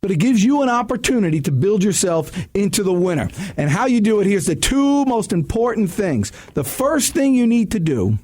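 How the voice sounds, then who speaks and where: A middle-aged man giving sales advice in a radio studio, telling stories in an energetic, emphatic way with quick bursts and restarts. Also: high-pitched. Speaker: sales coach guest. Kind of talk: casual radio chat, storytelling.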